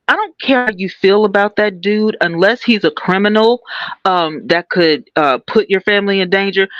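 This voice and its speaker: A woman's voice: mid-range voice, no echo. Female co-host, candid and personal, dry slightly muffled recording. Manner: candid, personal, many fillers. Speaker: podcast co-host. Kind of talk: casual podcast talk.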